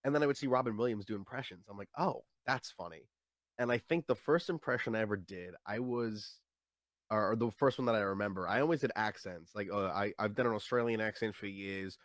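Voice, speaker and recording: A man's voice: fairly low pitch, fast, dry recording, clean studio sound. A young man, a stand-up comedian, chatting casually in an interview and often repeating words as he starts his sentences.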